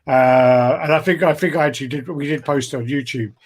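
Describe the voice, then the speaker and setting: A man's voice: mid-range voice, brisk. A man co-hosting a casual podcast chat, telling rambling stories and laughing as he talks. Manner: rambling storyteller, laughs a lot. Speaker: podcast co-host.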